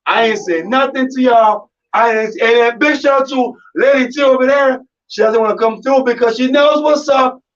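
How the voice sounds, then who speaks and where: A high-pitched man hosting a live radio show, hyped and excitable, throwing in chants and shouts as his voice turns raspy. He sounds muffled and a little away from the mic. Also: moderate pace, hardly any pauses, far from the mic. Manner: loud, excitable, chanting ad-libs. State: voice going raspy. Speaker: radio host. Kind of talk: hype live radio banter.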